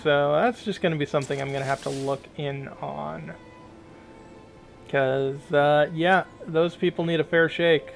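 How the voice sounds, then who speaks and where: Brief: man hosting a let's play, quiet, hesitant, gravelly, slightly high voice. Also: fairly even intonation, measured pace, soft background music, low-quality recording. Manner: soft-spoken, hesitant with fillers. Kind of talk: casual game commentary.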